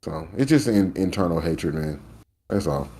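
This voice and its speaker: A man's voice: low voice, sing-song, normal speed, mellow. A man co-hosting a gaming podcast, talking loosely and casually about his views in slang. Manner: loose, slangy opinion talk. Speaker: podcast co-host.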